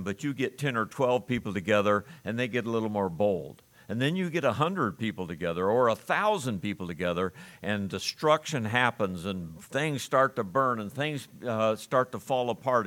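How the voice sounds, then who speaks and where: A man's voice: on the low side, fairly bright tone. A middle-aged man preaching a sermon as pastor, reading scripture aloud in an earnest voice with emphatic rises.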